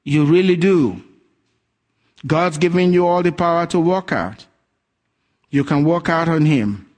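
A man's voice: fairly high pitch, unhurried. A man preaching a sermon, telling stories with energy and acting out the voices of the people in them. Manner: animated storytelling, acting out quoted voices. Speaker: pastor.

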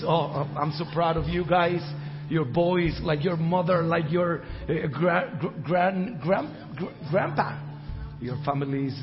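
Fervent high-voiced man preaching. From Costa Rica. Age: middle-aged. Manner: fervent, swings from shouting to soft. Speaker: visiting minister. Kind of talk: preaching and prayer. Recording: dull church hall sound with reverb.

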